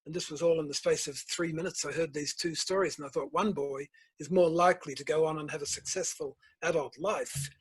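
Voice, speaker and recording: An older man, a guest author and principal telling stories in a measured, reflective interview. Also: fairly high pitch, fairly even intonation, breathy edge, poor audio. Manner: measured storytelling, tells anecdotes.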